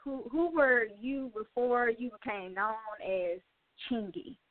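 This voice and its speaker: A woman's voice: on the high side, unhurried, no echo. A woman hosting an online radio show, upbeat and full of fillers as she interviews a guest. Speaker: radio host. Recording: dry tinny phone-like audio.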